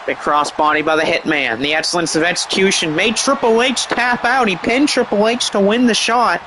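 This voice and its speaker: High-pitched guy calling a wrestling game, chatty and rambly, lots of noise behind him. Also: moderate pace. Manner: rambling, chatty asides and laughs. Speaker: game commentator. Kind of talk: excited play-by-play commentary over a wrestling game.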